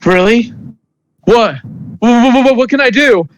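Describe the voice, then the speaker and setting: A man's voice: steady tone, fairly bright tone, smooth, poor audio. A man doing a desperate, grieving young doctor. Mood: desperate grief. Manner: pleading, drawn-out, higher than the narrator. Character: grief-stricken male doctor who lost his fiancée.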